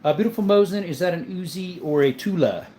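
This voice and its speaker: A high-pitched man with a warm tone speaks briskly as he hosts a casual livestream, reading chat comments aloud and replying in a friendly way. He answers viewer questions about his gun collection and often calls people "my friend" and "mate."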